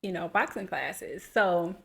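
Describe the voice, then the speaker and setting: A woman in her thirties, a podcast co-host, telling a personal story in an animated, casual way and acting out what people said. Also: lowish voice, a little slow, vocal fry. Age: 30s. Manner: animated, acts out quotes, laughs while telling.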